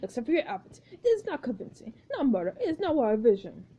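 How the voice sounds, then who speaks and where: A pompous, eccentric film director from a story game speaks in stiff, grandiose phrases, as a woman reads him out. The voice sits high and swings widely in pitch, with a mellow, dark tone. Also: sing-song, fast, highs cut off. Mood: commanding.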